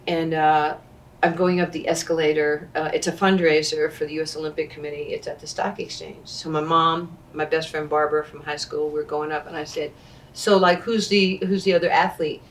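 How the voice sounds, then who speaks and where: Low-voiced storyteller, New woman in her 60s. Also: brisk, recorded from a distance, a little hiss or hum. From Queens, New York. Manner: animated storyteller who acts out quoted dialogue. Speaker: interview guest, former basketball player. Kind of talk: storytelling in conversation.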